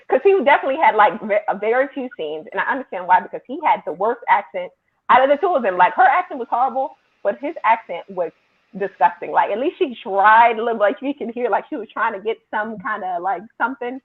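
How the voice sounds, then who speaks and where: Chatty female co-host, slightly husky, heard over a lo-fi phone-like line. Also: on the high side, animated, brisk. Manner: chatty, many fillers like "like". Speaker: podcast co-host. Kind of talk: casual opinionated review chat.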